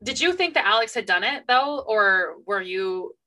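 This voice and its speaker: A woman's voice: mid-range voice, lively intonation, moderate pace, pushed and bright. A woman co-hosting a book club podcast, chatting casually about a novel. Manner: chatty, reacting with surprise. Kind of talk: casual chat.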